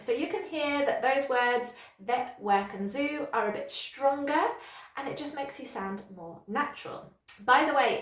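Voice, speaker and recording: A woman teaching English pronunciation in an online lesson, speaking clearly and encouragingly and demonstrating each example. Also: on the high side, echoey room.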